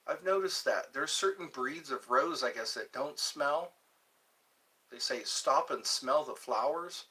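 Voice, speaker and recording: A man's voice: mid-range voice, a little slow, sharp tone, recorded from a distance, low-quality recording. A man hosting his own channel, musing aloud in a meandering livestream chat and trying out pickup lines. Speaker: channel host.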